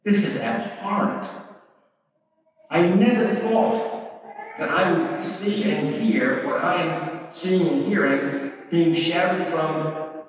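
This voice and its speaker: A man giving an impassioned speech, slow and emphatic, rising to fervent peaks. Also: on the high side, slight background noise. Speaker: speaker at a pro-life event. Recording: echoey hall from far off.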